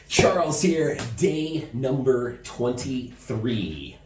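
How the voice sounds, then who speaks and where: A man's voice: mid-range voice, lively intonation, moderate pace, music in the background. A man from the United States talks animatedly in a casual home vlog and laughs easily as he tells stories. His voice sounds roomy and echoey. He is a little distant from the camera mic. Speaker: vlogger. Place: indoor room at home.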